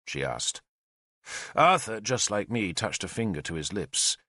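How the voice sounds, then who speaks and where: A male audiobook narrator with a lower voice that rises and falls with lively expression. His tone is bright and clear, recorded dry and close with no room around it. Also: measured pace, dry recording. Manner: expressive, storytelling. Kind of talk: scripted narration.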